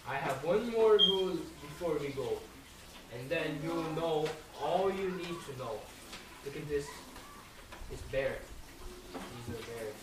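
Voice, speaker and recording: Casting: teen student, slow storybook read-aloud, distant in an echoey, noisy room. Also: medium pitch. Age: teens. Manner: slow, careful read-aloud with sound effects. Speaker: high school student reading aloud. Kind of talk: reading a picture book aloud to children.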